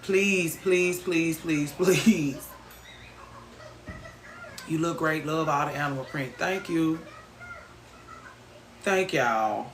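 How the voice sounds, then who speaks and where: A woman's voice: low-pitched, steady tone, takes it slowly, long pauses. A woman hosting a casual livestream, reading viewer comments aloud and teasing them, swearing freely. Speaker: livestream host. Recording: roomy echo, faint background noise.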